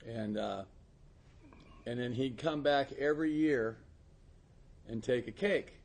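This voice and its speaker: A man's voice: mid-range voice, slow, gravelly. A man in recovery telling a story in casual chat, often laughing mid-sentence and acting out quoted lines. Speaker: podcast guest in recovery.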